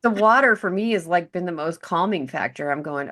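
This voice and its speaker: A woman's voice: fairly low pitch, lively intonation, brisk, hardly any pauses, pushed and bright. A woman co-hosting a podcast, chatting casually and chiming in often. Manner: chatty, agreeable, jumps in often. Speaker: podcast co-host. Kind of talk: casual chat.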